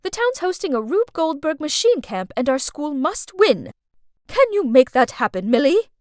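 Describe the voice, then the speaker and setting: A woman voicing a stern female school principal who scolds in a measured, disappointed way. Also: high voice, very animated, no room sound, studio quality.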